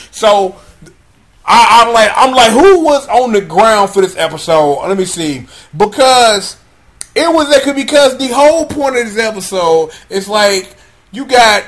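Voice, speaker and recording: High-pitched young male vlogger, animated and profane, riffing through a show recap. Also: normal speed. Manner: slangy, profane, animated storytelling. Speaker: vlogger reviewing a TV episode. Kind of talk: casual comedic review.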